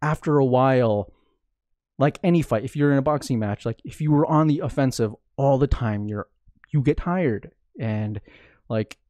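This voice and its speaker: A man's voice: mid-range voice, normal speed, darkish tone, dry recording, clean studio sound. A man hosting a podcast, talking casually and rambling, with lots of "like" fillers and restarts. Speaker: podcast host. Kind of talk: casual conversation.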